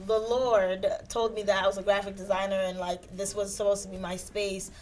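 A woman hosts a casual podcast chat with a mid-range voice. She talks in a relaxed, conversational way with quick asides. Faint room ambience sits behind her. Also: mid-range voice, slight background noise. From Haitian family.

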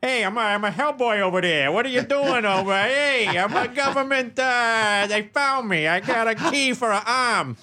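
A goofy, dim braggart rambles on about playing a demon hero, as a man mocks him with a put-on voice. The voice is bright and bouncy, with lots of swing in the pitch. There is faint noise in the background. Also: expressive, normal speed, pauses often, full character voice. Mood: mocking. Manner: mocking impression, rambling.

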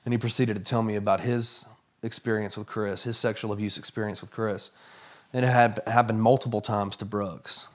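A man telling a personal story as a guest in a conversation, earnest and halting with many fillers. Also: fairly low pitch, fairly even intonation.

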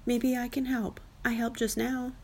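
A woman's voice: a little high, level tone, unhurried, a little hiss or hum, pitched above the performer's own voice. A woman voicing a plucky, determined young female elephant in a storybook, sounding eager and stubborn.

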